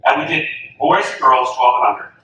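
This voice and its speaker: A man giving a coaching talk to an audience, telling a lively story and acting out the voices of the people in it. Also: medium pitch, a little fast. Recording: echoey hall from far off, faint room noise.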